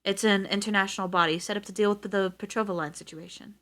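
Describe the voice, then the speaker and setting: A woman's voice: medium pitch, fairly even intonation, fast, fairly bright tone, lightly acted. A woman reading aloud as a poised middle-aged female official who speaks in a cool, direct way. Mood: cool, businesslike.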